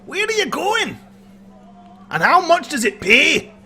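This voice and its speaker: Man voicing a short squat dwarf, eager, excited, high-pitched, lively. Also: slow, faint music behind, exaggerated voice.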